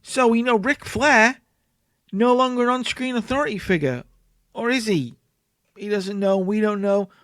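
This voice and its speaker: A man's voice: high voice, normal speed, fairly bright tone, no room sound, studio quality. A man hosting a casual let's play, chatty, narrating and acting out scenes. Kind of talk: casual game commentary.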